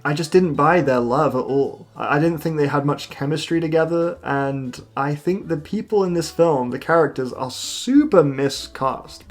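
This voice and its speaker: A man's voice: medium pitch, creaky, a little mellow. A man giving a casual, slangy spoken film review, with lots of fillers and restarts.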